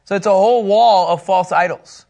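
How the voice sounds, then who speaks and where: High-voiced man teaching a Bible lesson. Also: moderate pace. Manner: animated, joking, acts out scenes; chats with people in the room.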